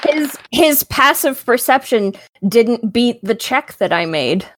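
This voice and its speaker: A woman's voice: on the high side, lively intonation, slow pace. A woman running a tabletop game as game master, narrating hesitantly with many fillers.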